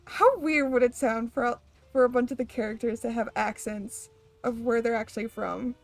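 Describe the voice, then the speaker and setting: Young woman streamer, high voice, dry close sound, rambling chatter with swearing. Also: fairly even intonation, normal speed, dry recording, soft background music. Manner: rambling, laughs often, swears casually. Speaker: game streamer. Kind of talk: casual chat while gaming.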